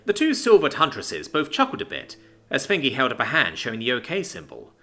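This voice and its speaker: Lively bright male story narrator. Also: mid-range voice, a little fast.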